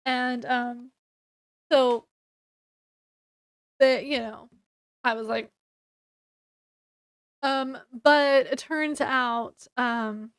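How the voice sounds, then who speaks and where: Chatty high-voiced woman reviewing a book. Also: steady tone, extremely slow, long pauses, clear, resonant tone, dry recording, clean studio sound. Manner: chatty, many fillers, acts out quotes. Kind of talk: casual book review retelling.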